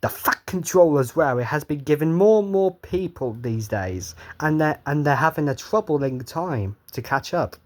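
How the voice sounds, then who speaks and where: A man's voice: fairly high pitch, lively intonation, moderate pace, hardly any pauses. Casual male storyteller, stumbling, offhand. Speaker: reader.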